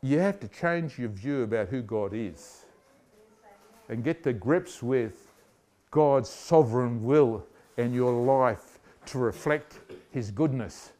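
A man's voice: medium pitch, expressive, takes it slowly, dark tone. A man preaching a sermon, telling a story with animation and asking his listeners questions.

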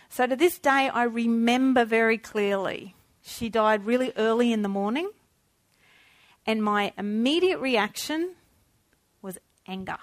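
A woman's voice: high voice, no echo. Impassioned woman giving a testimony. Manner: passionate, swings between hushed and loud; conversational, asks the audience questions. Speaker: speaker sharing a personal testimony. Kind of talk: testimony talk.

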